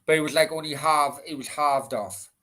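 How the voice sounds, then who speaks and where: A man's voice: fairly high pitch, moderate pace, pushed and bright. A man hosting a football live stream, telling a rambling anecdote and swearing constantly. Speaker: football channel host.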